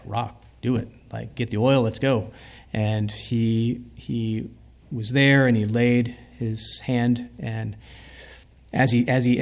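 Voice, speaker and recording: A man's voice: medium pitch, creaky, a little mellow. A man telling a heartfelt story in a sermon, speaking earnestly as a preacher.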